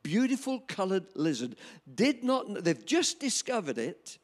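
A man in his seventies preaching a sermon, telling a personal story in an animated, chuckling way. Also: high-pitched, unhurried. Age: 70s. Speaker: pastor.

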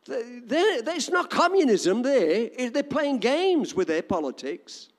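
Older man, English accent, sermon, emphatic repetition, very animated, long hall reverb. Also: very high voice, measured pace. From England. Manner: emphatic, repetitive preaching cadence. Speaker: preacher.

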